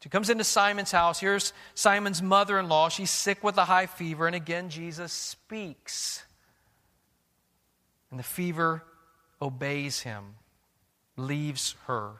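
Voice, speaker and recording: A man's voice: a little high, slow, pushed and bright, in a large hall. A man preaching a sermon as pastor, earnest and questioning, often restarting his words.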